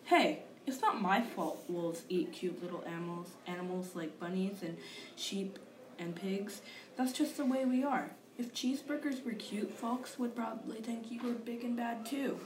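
Reading aloud with a medium pitch and moderate pace, a woman lightly acts the part of a male wolf narrator, and background noise is audible. The wolf is sly and self-pitying, sharing his side of the story in a resentful, confiding way.

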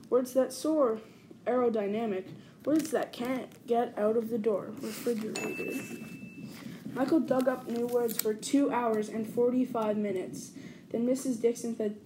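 A woman reading a children's picture book aloud, clear and deliberate, savoring each word. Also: on the high side, noisy background. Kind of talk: storybook read-aloud.

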